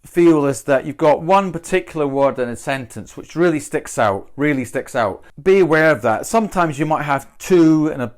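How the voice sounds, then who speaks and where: A man's voice: on the high side, lively intonation, moderate pace, hardly any pauses. A man from Britain teaching English pronunciation, thinking aloud and repeating example sentences with different stress. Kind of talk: explanatory lesson.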